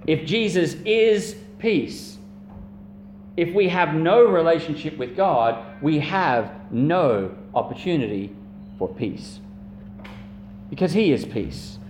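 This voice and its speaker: A man's voice: fairly high pitch, lively intonation, slow, darkish tone. A man preaching a sermon as a pastor, earnest and emphatic, repeating phrases and drawing out key words. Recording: echoey room with faint hum.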